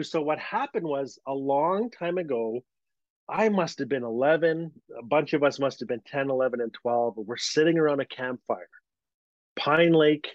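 A man from Northern Canada, a guest telling a story in a lively way, laughing as he goes and acting out the voices. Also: medium pitch, no echo. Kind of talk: animated storytelling. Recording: dull lo-fi sound.

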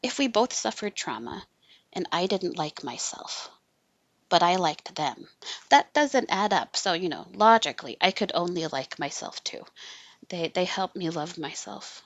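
A woman guest sharing personal stories earnestly, sometimes dropping to a soft whisper. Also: lowish voice, lively intonation, measured pace, no echo. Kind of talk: personal storytelling in conversation.

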